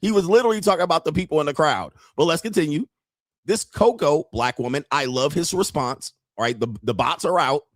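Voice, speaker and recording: A man's voice: a little high, fairly quick, no room sound, clean studio sound. A man streaming, reacting to clips in casual, mocking commentary and laughing often.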